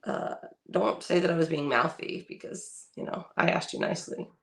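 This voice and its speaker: Gravelly low-voiced woman, blunt storyteller. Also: moderate pace, fairly bright tone. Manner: blunt storyteller, swears freely, acts out quotes. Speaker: podcast co-host. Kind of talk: casual chat.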